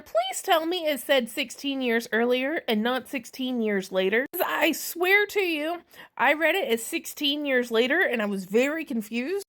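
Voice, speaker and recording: Woman doing a snarky movie recap, kinda high voice, swears a lot, rambles into side comments. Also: fairly bright tone. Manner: chatty and sarcastic, with frequent swearing and asides. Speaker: movie reviewer. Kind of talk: casual spoiler movie recap.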